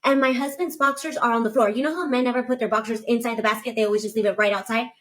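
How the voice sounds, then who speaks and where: Woman, slightly high voice, lively story-style confession, acts out the dialogue. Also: rapid-fire. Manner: animated, quotes herself and others. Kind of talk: casual storytelling.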